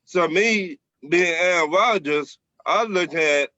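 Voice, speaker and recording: A man's voice: high-pitched, slow pace, hardly any pauses, bright, forceful tone, dry recording, muffled recording. A man on a sports podcast making blunt, emphatic points and firing off rhetorical questions. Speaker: podcast co-host. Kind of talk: casual sports debate.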